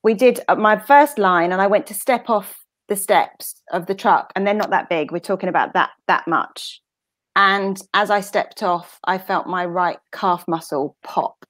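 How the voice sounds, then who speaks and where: A woman's voice: mid-range voice, unhurried, a bit bright. A woman, a guest stage actress, telling chatty, self-deprecating stories from the theatre. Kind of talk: casual anecdote.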